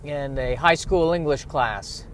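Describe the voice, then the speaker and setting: A man's voice: fairly high pitch, slow pace. A man rambling to the camera from a car in traffic, sarcastic and self-mocking, with bursts of mock outrage. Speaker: vlogger. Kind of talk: rambling solo monologue.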